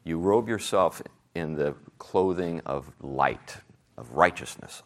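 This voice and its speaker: Leading a Sunday school class, this man speaks slowly in a very deep voice. He's lively, poses rhetorical questions to the group, and laughs at his own jokes.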